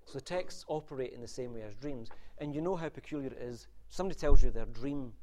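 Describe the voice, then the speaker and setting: A man's voice: medium pitch, fast talker, dark tone. A man lectures on literary theory. His delivery is wry and discursive, with asides and restarts. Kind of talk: university lecture. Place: lecture room.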